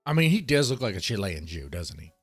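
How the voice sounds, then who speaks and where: A man's voice: lowish voice, sing-song, fast, slightly rough, soft background music. A man reacting to a video on a live stream, greeting chatters and ranting with heavy swearing. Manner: profane, ranting, mocking. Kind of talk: casual live-stream commentary.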